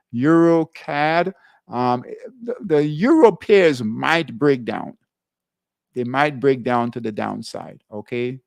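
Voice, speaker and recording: A man teaching a live trading class, working through charts slowly with long pauses. His voice has a gravelly fry, and the sound is dry and close with little room. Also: medium pitch, darkish tone, dry recording. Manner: halting, repeats "all right" between currency pairs. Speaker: trading show host.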